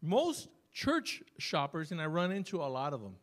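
Brief: male pastor at a church service, slightly higher voice, chatty storytelling sermon with slow emphatic stresses. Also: sing-song, fairly bright tone.

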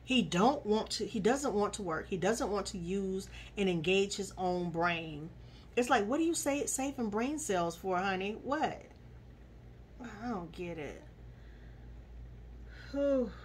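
A woman giving sassy, animated commentary while she recaps a reality TV episode and scolds its cast. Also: mid-range voice, unhurried, a little hiss or hum.

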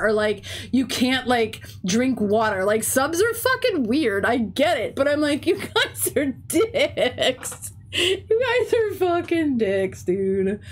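A young woman talking casually on her stream, telling stories in a chatty way full of "like" and swearing, with a stuffy runny nose. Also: on the high side. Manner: chatty storytelling with frequent "like" and swearing. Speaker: teacher and game streamer. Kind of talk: casual chat while streaming.

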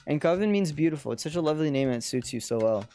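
A caring immigrant mother, gentle and earnest, coaxing her son, as a streamer reads her lines aloud. The voice stays close to the reader's everyday voice. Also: mid-range voice, lively intonation, fast talker, pitched above the performer's own voice, close to an everyday voice.

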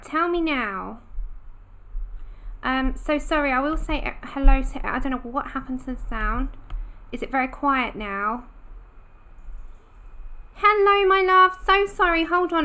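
A woman's voice: high-pitched, sharp tone. A woman hosting a casual live stream, chatty and apologetic while she fixes her sound. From United Kingdom. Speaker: livestream host.

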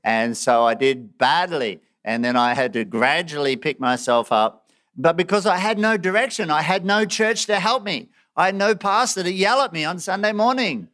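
Male preacher, smooth clear voice, slightly high, self-deprecating and animated. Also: moderate pace. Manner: self-mocking, animated, laughs often. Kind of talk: sermon.

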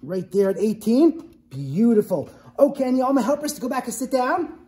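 A woman's voice: a little high, moderate pace, dark tone. A woman presenting a hands-on lesson to a group of children, upbeat and coaxing as she leads them in call-and-response. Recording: echoey room, faint background noise.

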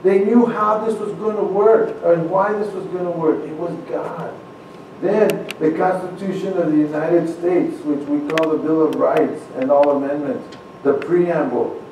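An earnest man addressing a congregation, with a mellow voice pitched somewhat high. He restarts and repeats words as he goes. He is heard from far off in a very echoey room with faint noise behind him. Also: fairly even intonation, unhurried. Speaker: church speaker. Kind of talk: address to a congregation, reading founding documents aloud.

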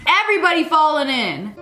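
A woman hosting a reaction video, excitable and playful, gasping and laughing as she comments. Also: very high-pitched. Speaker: host. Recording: echoey room with background music.

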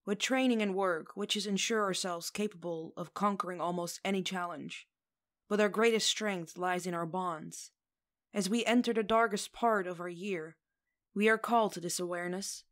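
A woman voicing a calm, earnest coven leader who speaks slowly and solemnly. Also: mid-range voice, lightly acted. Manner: slow, solemn speech-making.

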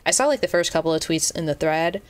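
A woman's voice: deep voice, lively intonation, quick pace. A young woman doing unscripted casual commentary on a social media thread, rambling and joking with lots of restarts. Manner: rambling, joking, self-deprecating, many restarts. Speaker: YouTuber reacting to a Twitter thread.

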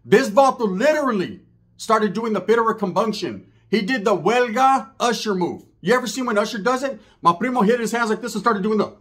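Telling a comic street tale full of slang and profanity, a storyteller comedian voices each character's quotes in a different way. His high voice is expressive and a bit bright, and he talks a little fast.

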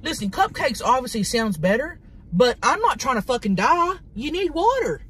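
A woman's voice: sits high, sing-song, moderate pace, fairly bright tone, slight background noise. A woman, chatting casually while eating on camera, drawling, affectionate and swearing freely. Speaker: mukbang host.

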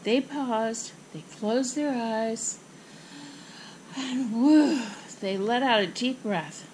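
A woman reading a children's picture book aloud with expressive, rhythmic phrasing. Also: on the high side, slow pace, slight background noise, low-quality recording. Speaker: storybook reader.

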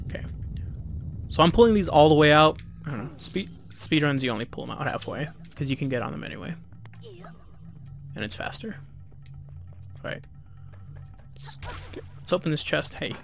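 A man giving relaxed, chatty, self-deprecating commentary while playing a video game. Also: fairly high pitch, moderate pace, gravelly, long pauses, faint music behind. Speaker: let's play host. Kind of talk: casual gameplay commentary.

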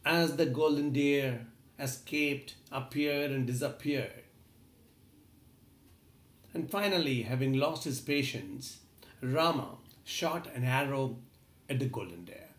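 A man's voice: mid-range voice, slow, pauses often, reverberant. A man giving an earnest motivational talk, retelling an old epic and addressing the listener directly. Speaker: motivational speaker. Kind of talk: storytelling talk.

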